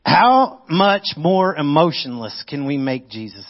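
A man preaching a sermon, swinging between loud excitement and hushed, intense moments. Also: medium pitch, normal speed, few pauses. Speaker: pastor. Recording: muffled lo-fi audio.

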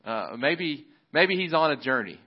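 A man voicing a male prophet who taunts his rivals in a mocking, high-pitched tone. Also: very animated, measured pace, husky, exaggerated voice. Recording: slightly muffled recording.

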